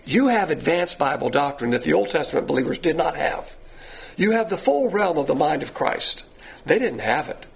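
A man's voice: a little high, very animated, normal speed, creaky, husky. A man preaching a sermon with an emphatic, repetitive delivery that rises and falls.

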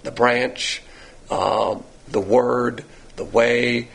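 A man teaching a verse-by-verse sermon, asking rhetorical questions and pushing his pitch up for emphasis. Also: steady tone, extremely slow, creaky, fairly bright tone, slightly rough, poor audio. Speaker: Bible teacher.

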